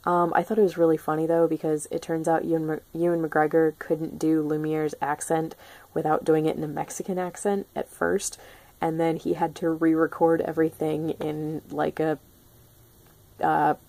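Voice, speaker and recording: Young adult woman, low voice with vocal fry, chatty film-review vlogger, gushing with lots of ums. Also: little pitch movement, normal speed, mellow, no room sound. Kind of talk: casual spoiler-free film review.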